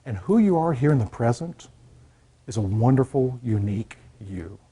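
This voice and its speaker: A man's voice: mid-range voice, expressive, normal speed, dark tone, slightly rough. A man, a college counselor, giving an earnest classroom talk to students and checking in often to make sure they follow. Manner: earnest, repeats key points, checks in with "okay?".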